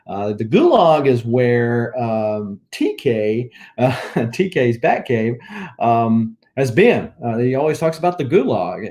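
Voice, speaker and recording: Mellow-voiced Southern US man. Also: medium pitch, big pitch swings, measured pace. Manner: rambling, chatty, listing items one by one. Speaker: comic book collector vlogger. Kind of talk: casual show-and-tell chat.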